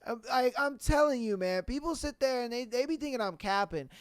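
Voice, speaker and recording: In a very high voice, fairly quick, a man rants solo on his podcast with blunt, animated slang and plenty of profanity. The tone is clean and the recording dry.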